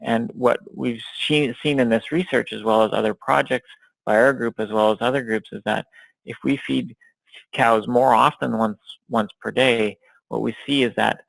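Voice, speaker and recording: A man giving a recorded academic lecture over slides, talking in a measured way with many fillers and restarts. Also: medium pitch, steady tone, gravelly, no room sound, rough recording. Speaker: dairy science researcher and lecturer.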